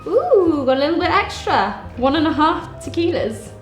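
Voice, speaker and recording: A woman's voice: sits high, very animated, moderate pace, reverberant, faint music behind. A woman talking casually through a home cocktail recipe step by step, joking as she goes, in a kitchen. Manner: chatty, jokey, explaining step by step. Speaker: vlogger. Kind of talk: casual cooking demo.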